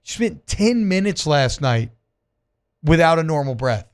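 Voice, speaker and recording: A man hosting a casual sports radio talk show, chatting loosely and switching into hammy, drawn-out live ad reads. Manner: animated, hammy pitchman on ad reads.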